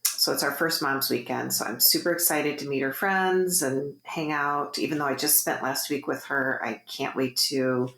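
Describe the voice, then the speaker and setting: Low, gravelly woman chatting. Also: normal speed, roomy sound. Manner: chatty, animated storyteller. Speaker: podcast co-host. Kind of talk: casual chat.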